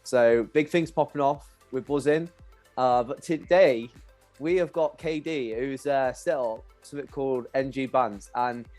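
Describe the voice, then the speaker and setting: A man's voice: mid-range voice, measured pace, darkish tone, soft background music. A man hosting a podcast in a casual chat, laughing often and calling his guest brother. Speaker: podcast host.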